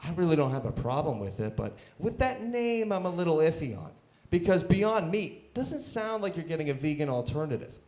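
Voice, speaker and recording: A man doing a live stand-up set in a comedy club, halting, full of uh's and restarts, chuckling at his own jokes. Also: a little high, sing-song, a little mellow. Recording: roomy live club sound.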